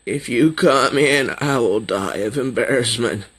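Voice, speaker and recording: A man reading out the lines of an embarrassed teenage girl from a comic, flat and glum. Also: mid-range voice, unhurried, husky. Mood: hushed.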